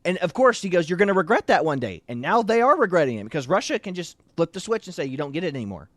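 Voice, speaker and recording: Male co-host, fairly high voice, dry close sound, opinionated and rambling. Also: sing-song, quick pace, a bit bright, dry recording. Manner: opinionated, rambling, frequent restarts. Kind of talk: casual political chat.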